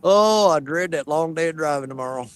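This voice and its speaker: Guy on a fishing stream, kinda high voice, laid back jokey chat out on the river. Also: fairly quick, clear, resonant tone. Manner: relaxed, joking banter. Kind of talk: casual chat. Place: outdoors on a river.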